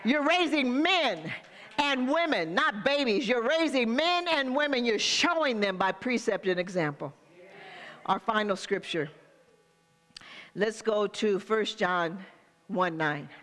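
Older woman pastor, bright forceful tone, congregational sermon style. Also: on the high side, expressive, slow pace, big-room sound. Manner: preaching with call-and-response asides.

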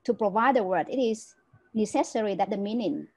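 A woman's voice: mid-range voice, animated, fairly quick, slightly rough, rough recording. A woman giving an online lecture as a teacher trainer over a video call, explaining step by step and often checking understanding with "right?".

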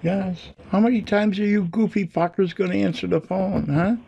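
A man's voice: high-pitched, steady tone, moderate pace, vocal fry, mellow, highs cut off, a little hiss or hum. A man making prank phone calls to scammers, taunting and cursing at them. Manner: taunting, profane, mocking. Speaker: scambaiter prank caller.

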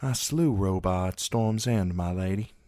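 A man voicing a courteous, guarded young knight in a measured, polite way. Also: deep voice, dark tone, no echo, studio quality. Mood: curt.

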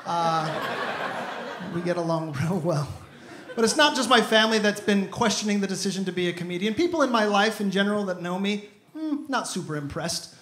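A man's voice: sits high, animated, brisk, a bit bright, a little hiss or hum. A man in his thirties performing an upbeat stand-up comedy set on stage. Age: 30s. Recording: echoey stage sound.

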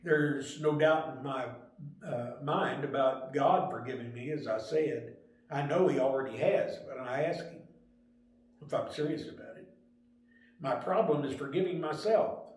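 An older man giving a Sunday school lesson, telling stories in a plain, unhurried way with small restarts. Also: mid-range voice, darkish tone. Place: church room. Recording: very echoey room.

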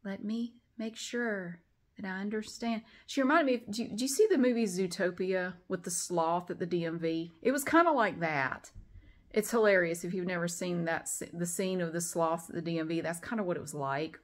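A middle-aged woman with a drawl tells a long story straight to her camera at home. She sounds exasperated and animated, and she slips into lively retellings as she goes. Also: fairly low pitch, fairly quick. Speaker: vlogger.

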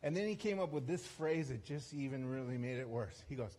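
A man's voice: medium pitch, animated, a little fast, few pauses, dark tone. A man as a guest speaker, telling a story in a sermon in a chatty, self-deprecating way, with frequent restarts and asides. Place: church service.

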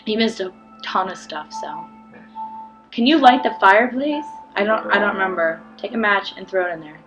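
A woman hosting a casual let's play at a middle pitch, steering her partner through the game with quick commands. She is bossy and blunt, with plenty of playful jabs. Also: over music. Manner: directive, bossy guidance with blunt banter. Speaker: channel host, guiding the player. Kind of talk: casual gameplay chat.

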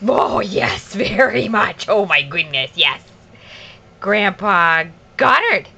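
A mother at home, filmed on a handheld camera, coaxing her toddler in high, sing-song baby talk with long pauses. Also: big pitch swings, gravelly, bright, forceful tone, lo-fi sound.

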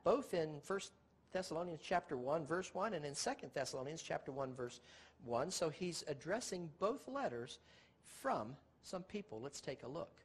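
A man's voice: a little high, a little mellow, husky. A middle-aged man preaching a Bible teaching sermon, asking rhetorical questions and stressing key words.

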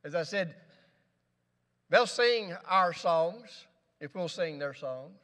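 A man's voice: fairly high pitch, expressive, slow pace, a bit bright, big-room sound. A male pastor preaching a sermon in a church, with rising emphasis and rhetorical questions. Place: church sanctuary.

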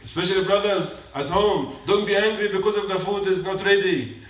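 A man's voice: high-pitched, a little fast, a bit bright, slight background noise. A man giving a short sermon in a mosque, emphatic, repeating his points and putting questions to the congregation. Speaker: mosque speaker. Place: mosque prayer hall. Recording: echoey hall from a distance.

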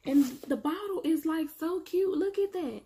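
A woman with kids doing a casual, chatty product review, excitedly addressing viewers as y'all. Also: extremely high pitch, normal speed. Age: adult, has kids. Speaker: beauty vlogger.

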